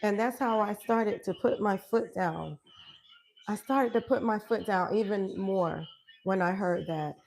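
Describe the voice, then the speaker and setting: A woman coach talks to her viewers from her home workout space. She is emphatic and affirming and laughs easily. Her pitch sits in the middle range. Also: unhurried, vocal fry, a little mellow. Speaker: wellness coach. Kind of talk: live-stream motivational chat.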